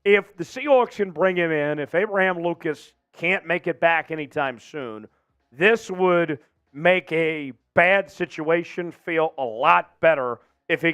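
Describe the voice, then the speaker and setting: A man hosting a live sports news show, talking fast and animated about players, then coughing, losing his voice and apologizing to viewers. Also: fairly high pitch, no echo.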